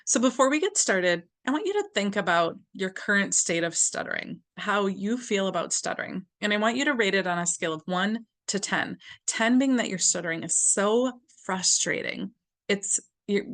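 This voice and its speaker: Woman guiding a slow tapping session. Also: mid-range voice, animated. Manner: slow, gentle instruction with repeated phrases. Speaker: EFT tapping guide.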